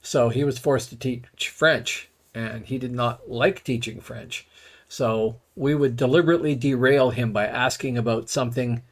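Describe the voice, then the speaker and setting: A man's voice: mid-range voice, fairly even intonation, normal speed. A middle-aged man casually telling rambling, wry stories while playing a game on a live stream. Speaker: gaming streamer.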